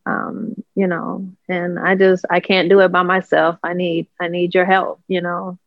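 Grieving guest, gravelly, flat pitch, dull dry lo-fi sound. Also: measured pace, dry recording. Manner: grieving, soft, pleading. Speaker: relative of a crime victim, guest. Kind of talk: emotional interview plea.

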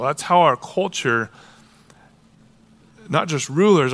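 A man preaches with a bright, forceful voice that sits a little high. He keeps his delivery casual and animated, slipping into quoted voices as he talks. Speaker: pastor. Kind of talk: sermon.

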